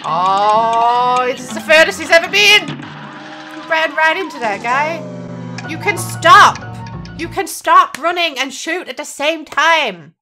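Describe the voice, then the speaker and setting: A woman with a high voice talks over game footage in loose, sarcastic commentary. She sounds exasperated and swears freely. Music plays clearly behind her. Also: expressive, unhurried, sharp tone. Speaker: gaming YouTuber reacting to a video. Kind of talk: casual reaction commentary.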